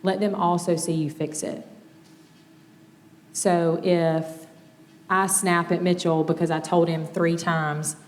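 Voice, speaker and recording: A woman's voice: on the low side, little pitch movement, slow pace, pauses often, in a large hall. A mother in her thirties giving a plainspoken, conversational talk on family communication. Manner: conversational, plainspoken, gently quotes examples.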